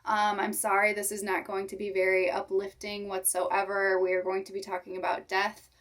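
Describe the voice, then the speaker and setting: A young woman hosting her reptile channel, talking to viewers in a halting voice while holding back tears. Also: medium pitch, completely flat delivery, fairly bright tone, far from the mic. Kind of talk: emotional vlog talk to viewers.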